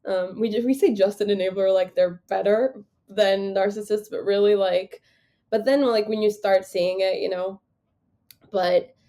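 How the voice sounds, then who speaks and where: A woman speaking as a podcast guest in a casual interview, halting and full of fillers and restarts. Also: medium pitch, mellow.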